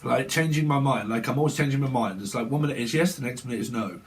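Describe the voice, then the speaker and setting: A man's voice: medium pitch, fast. A man giving a chatty, rambling tarot reading with casual swearing. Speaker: tarot reader.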